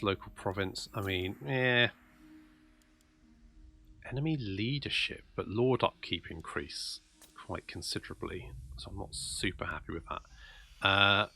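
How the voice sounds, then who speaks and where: A man's voice: fairly low pitch, sharp tone. A man commentating his own strategy game play, thinking aloud and muttering asides as he goes. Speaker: gameplay commentator.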